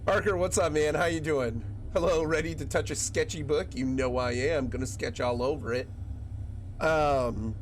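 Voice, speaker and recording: Chatty male streamer with a slightly high voice. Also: normal speed, slight background noise. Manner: chatty, jokey, greets viewers by name. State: recovering from a chest cold, coughing. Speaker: game streamer. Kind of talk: casual chat with viewers while gaming.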